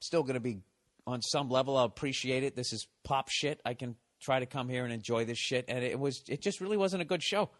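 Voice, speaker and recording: A man's voice: medium pitch, a little fast. Brief: a male comedy podcast host, profane and sarcastic, ranting through a story.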